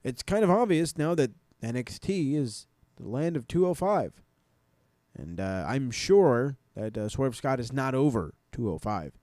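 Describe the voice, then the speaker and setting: A man's voice: medium pitch, expressive, measured pace, mellow, no room sound, studio quality. A man co-hosting a casual wrestling podcast, laid-back and swearing, acting out wrestlers' lines for laughs. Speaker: podcast co-host.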